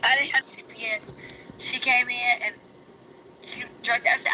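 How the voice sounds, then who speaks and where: A woman sharing her recovery story in casual chat, emotional and rushed, her voice cracking high. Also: level tone, sharp tone, a little hiss or hum, low-quality recording. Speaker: guest. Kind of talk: casual personal testimony.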